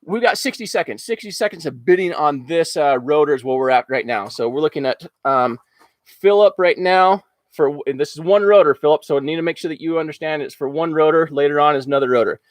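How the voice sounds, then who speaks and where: A man's voice: a little high, a little fast, no echo. A man hosting a casual live-stream auction, talking in an upbeat, rambling way with lots of fillers. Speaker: livestream auction host. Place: outdoors at home after rain.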